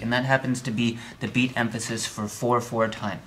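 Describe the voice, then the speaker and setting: A man's voice: mid-range voice, moderate pace, few pauses, very noisy. Chatty male music theory instructor. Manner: chatty, wry, keeps checking in with "okay?"; speaks beat counts out loud with strong accents on downbeats. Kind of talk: recorded video lesson.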